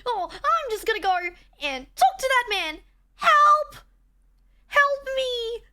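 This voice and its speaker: Shrill erratic anime girl. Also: sing-song, slow, pushed and bright, heavily acted. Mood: frantic. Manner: erratic, shrieking calls for help. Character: hyper, erratic, squeaky young anime girl.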